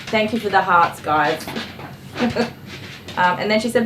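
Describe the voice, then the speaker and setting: A woman's voice: mid-range voice, measured pace, long pauses, fairly bright tone. A dog groomer hosting a casual livestream, a woman telling stories about a customer in a chatty, exasperated way. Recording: echoey room with faint clipper noise.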